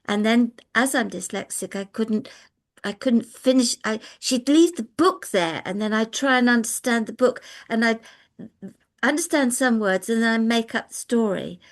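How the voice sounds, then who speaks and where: Chatty older woman, gravelly. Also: fairly high pitch, animated, moderate pace. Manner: chatty, laughs often, rambling anecdotes. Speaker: guest speaker. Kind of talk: video call chat. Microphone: video call.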